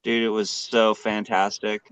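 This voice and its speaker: A man's voice: on the low side, little pitch movement, unhurried, fairly bright tone, smooth, no room sound, rough recording. A man in casual chat, telling stories with enthusiasm and plenty of swearing. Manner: profane, enthusiastic storytelling.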